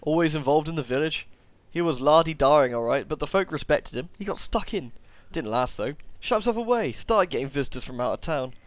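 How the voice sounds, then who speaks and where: A man's voice: a little high, very animated, rapid-fire, hardly any pauses, dry recording. Man putting on a folksy old villager. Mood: gossipy. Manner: folksy, chatty, rural comedy accent. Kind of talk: comedy voice in a game playthrough.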